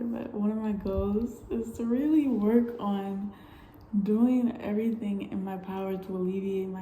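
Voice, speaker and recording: Young woman vlogger, dark roomy sound. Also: mid-range voice, slight background noise. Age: young adult. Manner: candid, animated storytelling with frequent swearing and laughs. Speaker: travel vlogger. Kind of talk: casual storytelling vlog.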